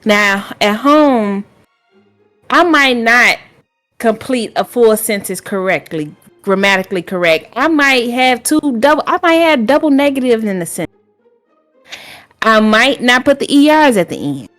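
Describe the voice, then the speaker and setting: Animated woman podcast co-host. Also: on the high side, faint music behind. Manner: animated, quick to agree, explains with definitions. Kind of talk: casual chat.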